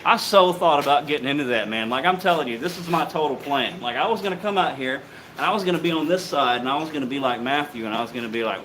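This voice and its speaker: Easygoing male maker host, mid-pitched, faint hum behind. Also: fast, rough recording. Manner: relaxed, joking, swears freely, many fillers. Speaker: host, bladesmith on a live stream. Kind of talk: casual live-stream sign-off.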